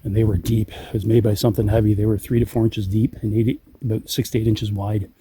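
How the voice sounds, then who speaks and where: A middle-aged man hosting a night walk through the woods, talking low and wary into a handheld recorder outdoors. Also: flat delivery, fast, noisy background. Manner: low-key, hushed and wary. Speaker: channel host. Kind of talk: hushed night walk-and-talk.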